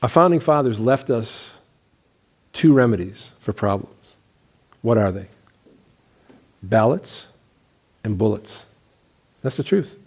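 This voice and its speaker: A man's voice: mid-range voice, animated, unhurried, long pauses. A middle-aged man, a pastor, teaching a Bible college class in a sermon style, emphatic and repetitive, firing off rhetorical questions and stumbling over restarts. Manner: emphatic, repeats key phrases, asks rhetorical questions.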